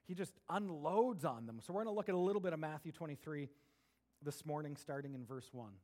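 A man preaching a sermon to his congregation, animated, moving between quiet asides and raised, emphatic passages. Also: fairly high pitch, brisk. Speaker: pastor.

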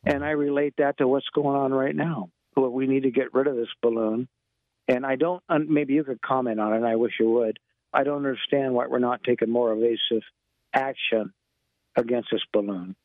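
Ex-cop male caller, annoyed and halting, mid pitch, on a tinny phone line. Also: fairly even intonation, no echo. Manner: irritated, halting with repeated restarts. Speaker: radio caller, retired police officer. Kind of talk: call-in conversation.

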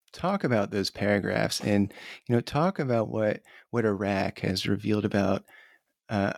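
Male interviewer, low and gravelly, halting delivery, dry sound. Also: dry recording. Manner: halting, thanking then posing a broad question. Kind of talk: interview question.

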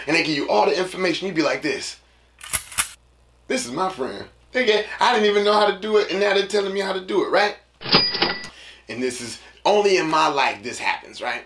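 A man's voice: on the high side, expressive, fast, a bit bright, echoey room, slight background noise. A man hosting a casual solo podcast, rambling through a story in loose slang and acting out voices. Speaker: podcast host.

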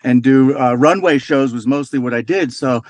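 A man's voice: mid-range voice, moderate pace, dry recording. A middle-aged man telling loose, profane stories as a podcast guest in casual chat. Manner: loose, swears freely, animated storyteller.

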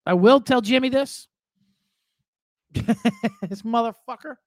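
A man's voice: very high voice, takes it slowly, dry recording. A man in his forties hosting a podcast, telling rambling, profane, self-deprecating stories. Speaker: podcast host. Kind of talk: casual sports podcast monologue.

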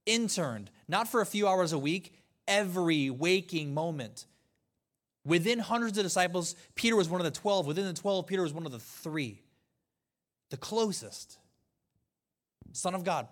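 A man's voice: high voice, a bit bright. A man pastor giving a conversational sermon, reading scripture aloud and breaking off for casual asides.

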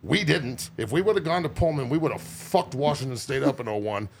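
A man's voice: mid-range voice, expressive, brisk, creaky, slight background noise. A man in his forties, a former football player guesting on a podcast, telling boisterous, profane stories with lots of laughter. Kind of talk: casual chat.

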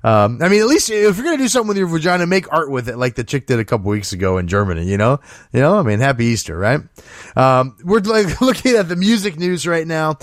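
A male host riffs on odd news stories with sarcasm and plenty of profanity. His pitch swings a lot as he talks. The sound is dry and close, with no room echo. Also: quick pace. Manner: sarcastic, profane, animated storytelling. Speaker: show host. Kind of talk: casual comedic news commentary.

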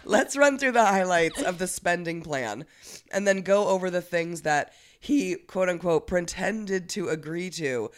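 A woman's voice: on the low side, animated, measured pace. A woman co-hosting a podcast in casual political chat, sarcastic and exasperated. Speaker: podcast co-host.

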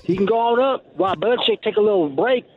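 A high-voiced truck driver calls in to sports radio, lively, colloquial and teasing. The tinny phone line carries a faint hiss. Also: male voice, fast.

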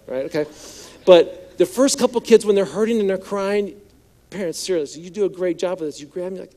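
A male pastor preaching a sermon in a conversational, joking way, slipping into hushed voices for quoted lines. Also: high-pitched, moderate pace. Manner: conversational, playful asides, acts out quotes in hushed voice.

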